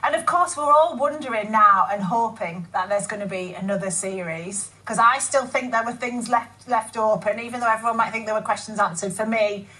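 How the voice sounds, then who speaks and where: A woman hosts a daytime TV chat, asking questions in a friendly, quick way. Her voice sits a little high. She sounds set back from the microphone. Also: pushed and bright, recorded from a distance. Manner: friendly, quick, affirming with frequent "yeah". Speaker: TV talk show host. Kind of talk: casual TV interview. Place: TV studio.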